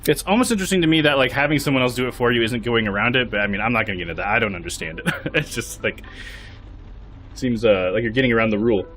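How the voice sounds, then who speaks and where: A man's voice: medium pitch, very fast, a bit bright, a little hiss or hum. A man streaming a live game playthrough, thinking aloud, laughing often and hedging his opinions.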